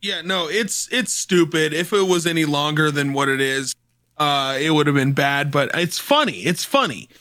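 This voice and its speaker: A man's voice: fairly high pitch, expressive, moderate pace, pushed and bright, no echo, studio quality. A man co-hosting a podcast, chatting easily about songs and introducing the next tracks. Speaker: podcast co-host. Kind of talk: casual music review chat.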